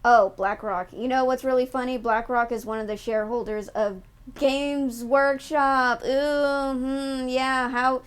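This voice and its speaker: A young woman streaming, chatting casually with her viewers, ranting loudly and swearing a lot. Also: high voice, unhurried, clean tone. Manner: swears a lot, ranty and animated. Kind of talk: casual chat with live chat.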